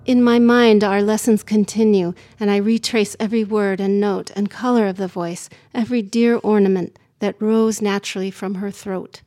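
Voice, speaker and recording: A woman narrating a literary story in the first person, calm and measured. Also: mid-range voice.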